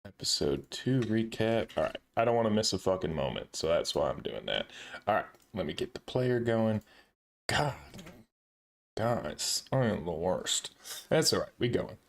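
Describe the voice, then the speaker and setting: A man's voice: lowish voice, big pitch swings, moderate pace, creaky. A man hosting a casual live stream, laughing often and swearing lightly while he sets things up and talks to his chat.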